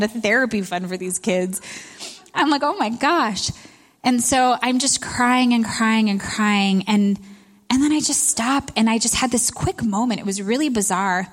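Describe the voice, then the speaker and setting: A woman in her thirties speaks at a women's retreat. Her sermon is candid and conversational, and she laughs at herself as she goes. Her voice sits at an ordinary middle pitch for a woman. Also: moderate pace.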